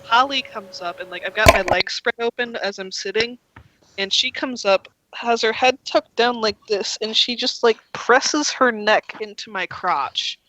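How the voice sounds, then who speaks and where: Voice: medium pitch, unhurried, pushed and bright, a little hiss or hum, poor audio. A game master narrating a tabletop game in a casual, rambling way, full of fillers. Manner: rambling, filler-heavy storytelling.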